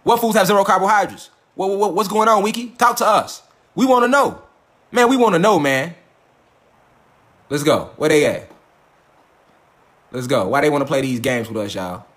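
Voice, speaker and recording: A man's voice: sits high, animated, normal speed, pauses often, fairly bright tone, reverberant. A man giving a profane, preachy livestream lecture in street slang, often repeating himself. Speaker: livestream host.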